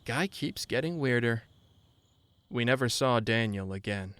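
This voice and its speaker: A man narrating a horror story in a measured way, slowing down on grim details. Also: mid-range voice, lively intonation, fairly bright tone, smooth, dry recording.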